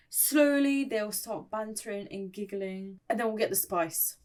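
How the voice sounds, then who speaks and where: A woman's voice: mid-range voice, lively intonation, unhurried, darkish tone. A young woman in a casual, playful recap of an online story, chatty and laughing often, with dramatic asides.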